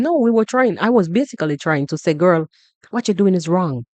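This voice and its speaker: A Jamaican woman hosting a podcast, talking through a story in an animated, repetitive way and often asking "you understand?". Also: lowish voice, brisk, no room sound. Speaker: podcast host. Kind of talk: casual commentary monologue.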